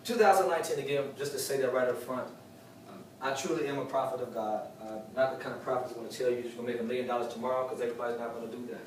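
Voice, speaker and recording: At a sales meeting, a man delivers a live, preachy motivational talk to the room, repeating key lines for emphasis. His medium-pitched voice races, heard from a distance in an echoey room with faint noise.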